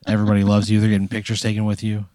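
Deep-voiced man spinning a dramatic tale. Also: dark tone, dry recording, studio quality. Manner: spins a dramatic second-person hypothetical. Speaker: podcast co-host. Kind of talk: comic storytelling.

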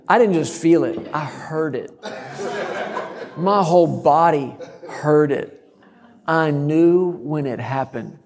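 A middle-aged man preaching a sermon, telling a story and breaking into sudden loud shouts. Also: on the high side, big-room sound. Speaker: guest preacher.

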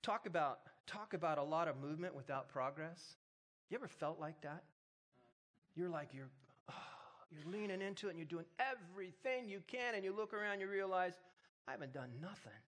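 A man's voice: high voice, moderate pace, a bit bright. A man preaching a sermon, retelling a story with humor and building to emphatic exhortation. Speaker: pastor.

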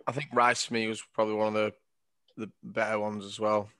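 Male co-host, relaxed mid-range voice, close dry recording. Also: fairly low pitch, a little fast, smooth, no room sound. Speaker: podcast co-host. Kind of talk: casual football podcast chat.

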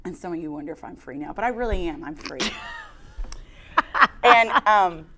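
A woman co-hosting a casual faith talk, telling a personal testimony with lively storytelling and a put-on whiny voice for her past self. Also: fairly low pitch, moderate pace, a little hiss or hum. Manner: animated storytelling, mimics her own whiny crying voice. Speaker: co-host sharing a testimony.

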